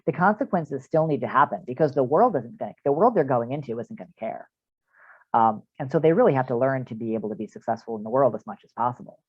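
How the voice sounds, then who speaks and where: This counselor leads a parent workshop online, chatting through practical training with plenty of fillers. He talks fast and animatedly at a medium pitch, his voice carrying a breathy edge. The video-call sound is dull and dry, without echo.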